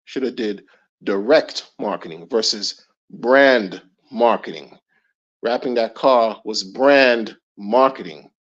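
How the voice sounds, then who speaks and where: A middle-aged man with a lowish voice speaks slowly as he rants in casual commentary for his channel. He's emphatic and slangy and repeats his points. The recording sounds dull and lo-fi.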